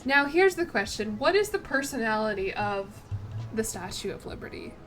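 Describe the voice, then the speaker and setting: A woman's voice: fairly high pitch, big pitch swings, normal speed, fairly bright tone, soft background music. A young woman streaming a strategy game, chatting casually and thinking aloud in a self-deprecating way. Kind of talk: casual gameplay commentary.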